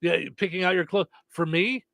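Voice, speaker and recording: A man's voice: sits high, moderate pace, sharp tone, dry recording. A male radio host talks casually through his morning routine in a slightly raised voice. He rambles, restarts sentences and leans on fillers. The studio sound is close and dry.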